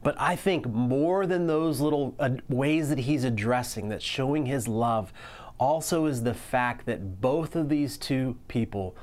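Male pastor, sermon delivery, earnest, slows for emphasis. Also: medium pitch, a little mellow.

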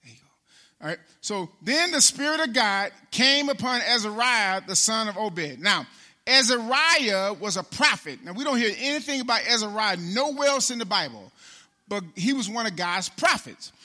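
Hombre predicador, voz aguda y brillante. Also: male voice, high-pitched, animated, sharp tone. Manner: conversational, addresses congregation by name, slows for scripture. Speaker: pastor. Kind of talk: casual preaching sermon.

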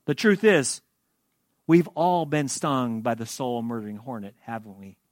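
A man preaching a sermon, shifting between loud emphatic lines and quiet asides. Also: mid-range voice, animated, measured pace, dry recording, studio quality. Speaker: pastor.

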